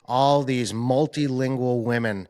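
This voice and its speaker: A man's voice: medium pitch, unhurried. A young adult American man hosting a podcast, chatting informally and using a lot of "like" and "um". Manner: relaxed and informal, with frequent fillers like "like" and "um". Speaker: podcast host. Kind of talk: casual interview chat.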